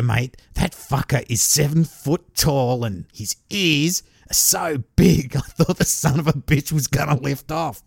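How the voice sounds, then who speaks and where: A man's voice: on the high side, gravelly, dry recording, clean studio sound. A man hosting a true crime podcast, reading out a listener's story in a casual, profane way and chuckling along as he goes.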